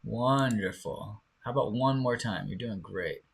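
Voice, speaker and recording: This man speaks in a mid-range voice with vocal fry while giving an online singing lesson live. His delivery is slow, drawn-out and encouraging, and he demonstrates by singing.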